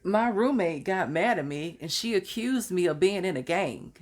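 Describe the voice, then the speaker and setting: A woman's voice: fairly low pitch, expressive, normal speed, darkish tone. A young adult woman telling stories from her college years in a casual, chatty way, now and then laughing at her own story. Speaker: vlogger.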